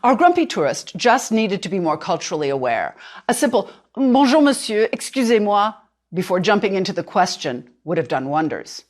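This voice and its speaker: Lively-pitched woman teaching a language. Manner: clear, deliberate, slows down for drilled words. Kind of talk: instructional narration.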